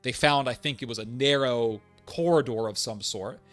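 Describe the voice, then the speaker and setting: A man's voice: mid-range voice, moderate pace, a bit bright, faint music behind. A man giving an opinionated commentary monologue, emphatic and repetitive, with sarcastic asides. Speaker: political commentator.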